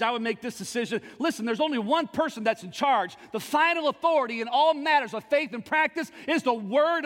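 A male pastor preaching a fervent sermon with call-and-response, surging into shouts. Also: extremely high pitch. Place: church sanctuary. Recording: long reverb of a church sanctuary.

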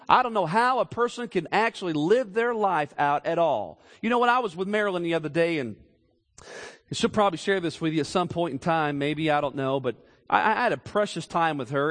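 A man preaching a sermon, moving from quiet storytelling to raised, emphatic declarations. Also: fairly high pitch, expressive, a little fast. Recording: long hall reverb.

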